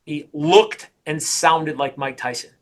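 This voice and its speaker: A middle-aged man coaching a sales team, talking in an energetic, emphatic way and often repeating his points. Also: on the high side, slow pace. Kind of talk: coaching session.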